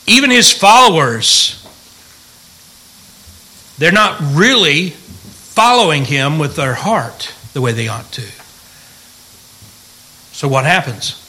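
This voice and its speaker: A man's voice: a little high, lively intonation, slow, long pauses, sharp tone, poor audio. A middle-aged man, a pastor, teaching the Bible in a folksy, joking way and asking the room questions.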